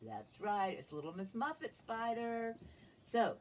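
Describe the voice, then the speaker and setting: A woman teacher reading a picture book aloud to young children, gently asking them questions as she goes. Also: mid-range voice, big pitch swings, a little slow, a little hiss or hum.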